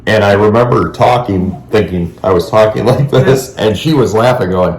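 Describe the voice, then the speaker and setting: Low-voiced man co-host, relaxed storyteller who chuckles mid-sentence, roomy echo around him. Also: normal speed. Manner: laid-back, laughs while telling stories. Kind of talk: casual chat.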